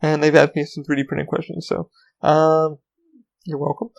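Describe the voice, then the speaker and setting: A man's voice: a little high, completely flat delivery, moderate pace, creaky, muffled recording. A man hosting his own podcast, chatting casually and rambling with lots of ums and swearing. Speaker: podcast host. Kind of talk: casual solo podcast chat.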